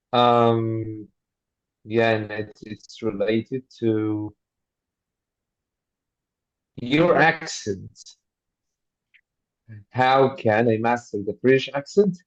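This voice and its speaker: A man's voice: mid-range voice, darkish tone, dry recording, highs cut off. A man moderating an online conference session, keeping his remarks brief and reading audience questions aloud.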